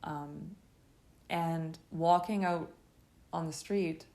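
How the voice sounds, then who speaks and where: A woman speaks in a low, gravelly voice full of vocal fry. She tells her own story in a halting, intense monologue. She pauses and restarts often as she recounts it. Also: steady tone, darkish tone. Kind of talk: first-person testimony monologue.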